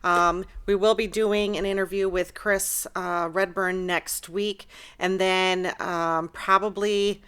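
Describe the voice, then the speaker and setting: A woman's voice: lowish voice, little pitch movement, slow, few pauses, fairly bright tone, clear, resonant tone. A woman hosting an interview show, chatty and affirming, with frequent fillers. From United States. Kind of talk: casual interview.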